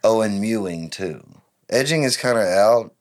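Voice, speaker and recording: A man's voice: fairly low pitch, animated, measured pace. A young man hosting a casual podcast chat, joking and teasing with a rambling, offhand delivery. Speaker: podcast host.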